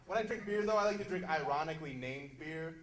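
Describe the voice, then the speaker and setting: A man doing a loud, punchy stand-up comedy set in a club, slipping into quick character voices. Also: a little high, very noisy. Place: comedy club stage before a live audience. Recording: echoey room, loud crowd laughter.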